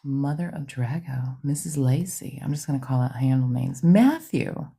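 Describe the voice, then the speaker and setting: A woman's voice: a bass voice, animated, moderate pace, gravelly, dark tone, breathy edge. A woman, hosting a livestream, half-whispering in a casual chat and greeting viewers by name in her home studio. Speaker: psychic medium livestream host.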